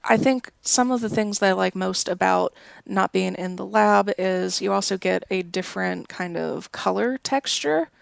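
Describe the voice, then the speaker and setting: A woman co-hosting a podcast, giving slow, thoughtful commentary in casual chat. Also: medium pitch, creaky, dry recording. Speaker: podcast co-host.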